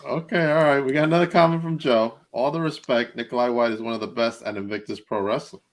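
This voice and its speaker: A man hosting a live podcast interview, easygoing and quick to laugh. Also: medium pitch, a little hiss or hum. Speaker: podcast host.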